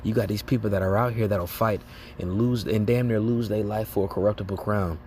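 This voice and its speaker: A man's voice: fairly low pitch, fairly even intonation, brisk, a little mellow, slight background noise. A man giving an informal religious exhortation, talking casually in slang, tagging lines with "man" and "okay?" and laughing as he acts out reactions. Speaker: lay preacher.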